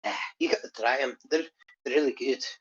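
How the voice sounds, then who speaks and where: A woman's voice: very deep voice, a little fast, slightly rough, dull audio. A woman chatting and joking with friends while they play a game. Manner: laughing, puts on an exaggerated Irish accent in bits. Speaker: player. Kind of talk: casual group chat while playing a game.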